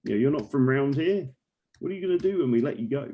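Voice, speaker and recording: A man playing a tabletop game, talking in character, relaxed and teasing. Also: medium pitch, fast, highs cut off. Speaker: player.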